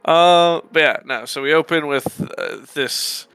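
A man with a sharp, bright voice co-hosts a podcast, chatting loosely about a movie. He rambles, swears and drags out words for emphasis. A faint music bed sits underneath. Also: a little high, a little slow, clear, resonant tone, no echo. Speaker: podcast co-host. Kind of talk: casual movie review chat.

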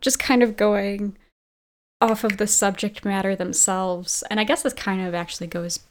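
A woman's voice: mid-range voice, steady tone, moderate pace, a little hiss or hum. A woman in a casual game discussion, talking hesitantly with many fillers. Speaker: podcast panelist.

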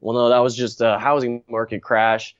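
A man's voice: mid-range voice, flat delivery, moderate pace, smooth, dry recording. A young man hosting a casual podcast chat, rambling and blunt, laughing often and restarting his sentences. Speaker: podcast host. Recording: dry, dull lo-fi recording.

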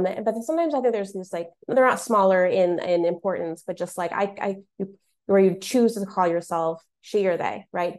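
A woman's voice: fairly low pitch, a little mellow. A woman from the American Midwest hosting a casual panel conversation, talking in a chatty way with lots of fillers and restarts. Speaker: discussion host.

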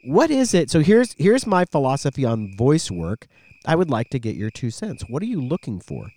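A middle-aged man co-hosting a podcast, an animated storyteller who used to be a radio voice guy, chatting casually. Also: mid-range voice, moderate pace. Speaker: podcast co-host.

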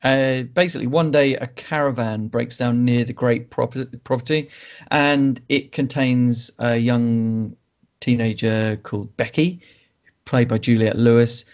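Male podcast co-host, measured and wry, talks through film plots. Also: medium pitch, steady tone, highs cut off. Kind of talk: casual film chat and plot summary.

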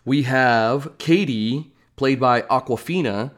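A man's voice: mid-range voice, takes it slowly. A man giving casual, rambling commentary on upcoming films as a vlogger, with joking asides. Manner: chatty, rambling, self-deprecating asides. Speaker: movie news vlogger.

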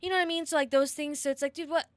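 Woman podcast cohost, kinda high voice, chatty and sweary, dry close mic. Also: fairly even intonation, rapid-fire, no echo. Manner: chatty, profane, reflective with many fillers. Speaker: podcast co-host. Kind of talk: casual chat.

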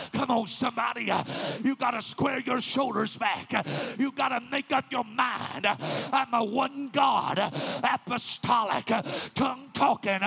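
Gravelly, husky shouting preacher. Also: male voice. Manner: preaches in rising shouted cadences, then drops low and quiet. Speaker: pastor. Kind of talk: shouted Pentecostal sermon. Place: church sanctuary.

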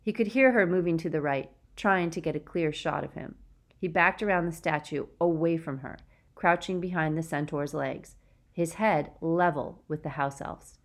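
Woman, audiobook narrator, dramatic, tense storytelling, slightly low voice. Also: normal speed. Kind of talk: scripted narration.

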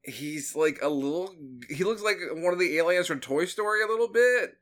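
Bright, giggly young man chatting. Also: high voice, expressive, moderate pace. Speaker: podcast co-host. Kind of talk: casual chat.

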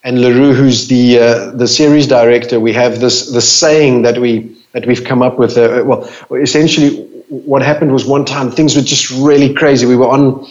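A man's voice: medium pitch, steady tone, normal speed, few pauses, darkish tone. A man answering interview questions casually, hesitant with many fillers and restarts, heard over a remote call. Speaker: guest, crew member of a reality show. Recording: dull lo-fi sound.

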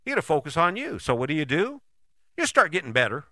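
A man's voice: a little high, wildly swooping pitch, fast talker, sharp tone, dry recording. A man giving a casual motivational talk, folksy and chatty, who often adds "right?" and acts out quoted people in short bits. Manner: often tags sentences with "right?".

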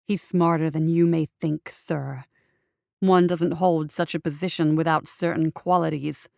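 A woman's voice: fairly even intonation, vocal fry, mellow, dry recording, studio quality. A woman voicing a menacing male minister. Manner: low, measured and threatening.

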